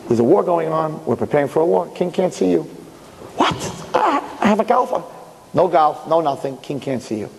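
A man's voice: on the high side, very animated, normal speed, gravelly. A man voicing a scheming prime minister who brushes people off dismissively. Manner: dismissive, stalling. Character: scheming male prime minister, smug gatekeeper. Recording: echoey hall.

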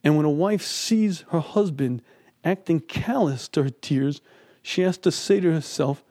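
A middle-aged man gives an emphatic Talmud lesson, his voice a touch higher than most men's but mellow and warm. He is recorded close and dry, with no room sound. He drops into quoted voices to make his points. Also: a little slow, no echo. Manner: emphatic, acts out quoted speech. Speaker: Talmud teacher. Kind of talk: lecture on Talmud and marriage.

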